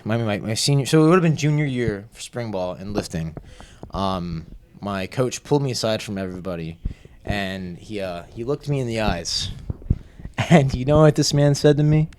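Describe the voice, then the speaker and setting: A man's voice: fairly low pitch, slight background noise. A young man, a podcast guest, telling a long story in a casual, self-mocking way and acting out the lines of the people in it. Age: young adult. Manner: animated, self-mocking, acts out quotes.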